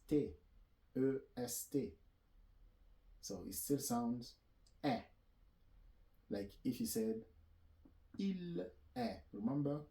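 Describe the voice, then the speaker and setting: A man explaining French sounds at an unhurried, deliberate pace, spelling out letters one by one and repeating each sound. His voice is dark and mellow, and he often stops to correct himself. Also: lowish voice, low-quality recording. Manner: slow, repetitive, spells out letters and self-corrects. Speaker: French teacher. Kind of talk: slow classroom explanation.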